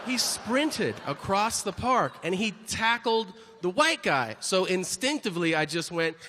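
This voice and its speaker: Male stand-up, high and bouncy delivery, reverberant hall, live crowd. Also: measured pace. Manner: animated storytelling with shouted voiced asides. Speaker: stand-up comedian. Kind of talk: stand-up comedy routine. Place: large hall before a live audience. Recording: reverberant hall, audience noise.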